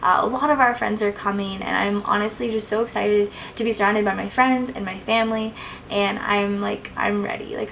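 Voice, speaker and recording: A woman's voice: mid-range voice, creaky, fairly bright tone, a little hiss or hum, rough recording. A young woman answering viewer questions in a casual vlog, chatty and gushing, with plenty of "like"s and fillers. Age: young adult. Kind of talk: casual Q&A chat.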